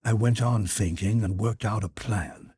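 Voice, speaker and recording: A man narrating an audiobook in an expressive storytelling delivery. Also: fairly low pitch, a little slow, slightly rough.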